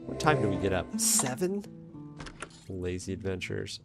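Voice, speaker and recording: A man's voice: sits low, very animated, normal speed, creaky, over loud music. A man streaming a video game, giving casual, joking, self-mocking commentary as he plays. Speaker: let's play streamer.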